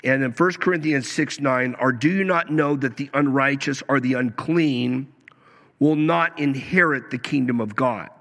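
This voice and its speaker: A man's voice: medium pitch, normal speed, a bit bright. A man preaching a sermon, emphatic, acting out the quoted lines as he goes. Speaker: pastor. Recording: long reverb of a hall.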